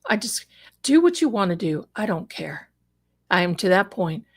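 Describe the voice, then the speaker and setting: Her mid-range voice is husky and sing-song, moving at a moderate pace. She is a middle-aged woman and psychic guest telling a personal story on a live stream, emotionally acting out the voices of the people involved.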